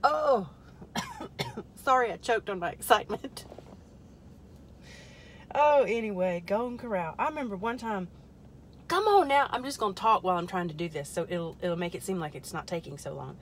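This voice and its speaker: A woman chats loosely to her viewers on a live stream from a parked car, her pitch sitting in an ordinary middle range. She wanders off into jokey tangents and drops into half-whispered muttering while she works something into place. A faint hum stays underneath. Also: expressive, moderate pace, long pauses. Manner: rambling, joking asides to viewers. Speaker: host of a product testing live stream. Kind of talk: casual live-stream chat. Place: parked car in a store parking lot.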